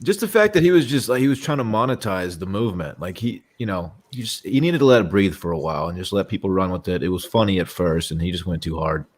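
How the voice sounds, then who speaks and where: A man's voice: low voice, animated, fast talker, hardly any pauses. A man in casual comedic banter, laid-back, tacking "man" onto his lines. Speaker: panelist.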